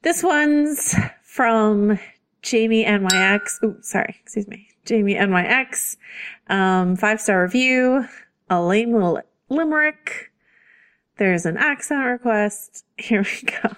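A woman's voice: fairly high pitch, slow pace, fairly bright tone, smooth. A woman co-hosting a podcast, chatting casually and reading listener reviews aloud. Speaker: podcast co-host.

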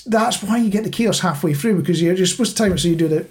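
A man's voice: sits high, quick pace, a little mellow. A man co-hosting a podcast in casual chat, rambling and self-mocking as he tells stories. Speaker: podcast co-host.

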